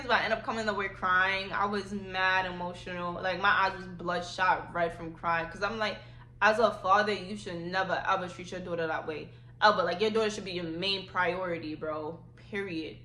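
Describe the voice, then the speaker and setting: A young woman of 18 tells a personal story to her phone camera, slangy and emphatic, hammering her points home by repeating them. Her voice is bright and keen-edged, with a roomy echo around it. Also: mid-range voice, steady tone, fairly quick. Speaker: vlogger. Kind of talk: casual storytime vlog.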